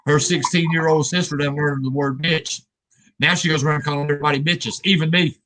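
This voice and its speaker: A middle-aged man chatting on a stream, loud and crude, laughing as he talks. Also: on the high side, steady tone, fairly quick, slight background noise, low-quality recording. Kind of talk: casual chat.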